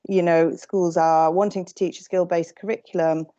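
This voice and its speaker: A woman co-presenting a teacher workshop over a video call, relaxed and conversational. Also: fairly low pitch, moderate pace. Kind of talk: casual chat on a video call. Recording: dull lo-fi call audio.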